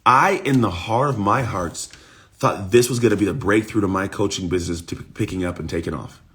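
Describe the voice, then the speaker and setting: A man coach giving an energetic motivational talk on a livestream, his voice rough from the morning. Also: on the low side, a little fast. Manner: energetic, repetitive, talks straight to viewers. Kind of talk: live-streamed motivational talk.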